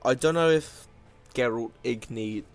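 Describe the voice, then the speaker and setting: A man's voice: medium pitch, unhurried, soft background music. A man giving casual, self-mocking commentary while playing a card game, often laughing at himself. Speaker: gaming video host.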